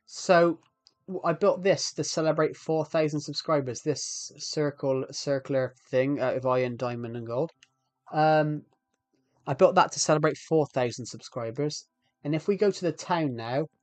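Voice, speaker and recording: A man casually narrates his game for viewers in a slightly higher voice. He rambles and trips over his sentences. The sound is close and dry. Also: no room sound. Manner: rambling, frequent restarts, chatty with viewers. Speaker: streamer. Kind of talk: casual live game commentary.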